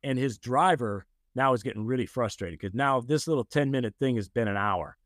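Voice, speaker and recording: An older man from the United States, a guest telling a lively anecdote in casual conversation, often acting out the voices of the people he quotes. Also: mid-range voice, brisk, no room sound, clean studio sound. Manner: animated anecdotes, acts out quoted voices, frequent "you know". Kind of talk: casual storytelling.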